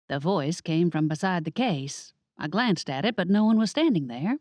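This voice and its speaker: A woman's voice: on the low side, expressive, normal speed, hardly any pauses, a little mellow, no echo, studio quality. Wry woman narrating an audiobook. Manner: wry, conversational. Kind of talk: first-person audiobook narration.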